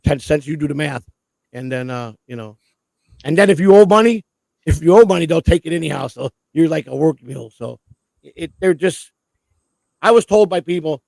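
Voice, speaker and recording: Male co-host, gravelly, profane storyteller, rambling and halting, dry close sound. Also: a little high, no echo, rough recording. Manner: rambling, profane, repeats words when starting sentences. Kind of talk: casual chat, telling prison stories.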